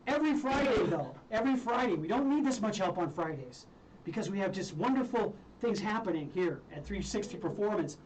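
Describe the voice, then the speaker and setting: A man's voice: sits high, darkish tone, recorded from a distance, poor audio. A male radio host chats loosely on a live show, cracking jokes, chuckling and stumbling over restarts. His mid-range voice sits a little back from the mic, with a faint hiss of noise underneath. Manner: joking, chuckling, with many fillers and restarts. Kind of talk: casual live radio talk.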